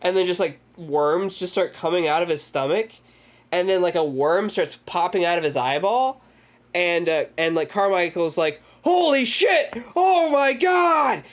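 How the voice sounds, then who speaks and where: A man's voice: fairly high pitch, normal speed. A man hosting a movie discussion, casually recapping scenes in a rambling way full of filler words. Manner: energetic retelling of scenes. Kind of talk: casual film recap chat.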